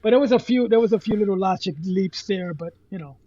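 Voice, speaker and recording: A man co-hosting a podcast, retelling a comic story in a casual, halting way with many restarts. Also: sits high, warm tone, muffled recording. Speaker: podcast co-host.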